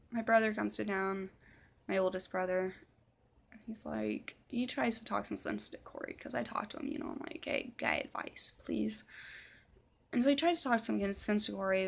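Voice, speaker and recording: A woman's voice: mid-range voice, gravelly. A young woman telling a personal story in a casual, rambling vlog, swearing often, using many fillers and dropping to a whisper for quoted lines. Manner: rambling, profane, full of fillers. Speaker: vlogger.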